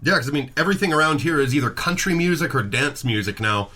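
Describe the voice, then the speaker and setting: A man's voice: medium pitch, lively intonation, fast, sharp tone. A man from Saskatchewan, hosting an interview in an easygoing, chatty way with plenty of fillers. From Saskatchewan, Canada. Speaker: podcast host, interviewer. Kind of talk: casual chat.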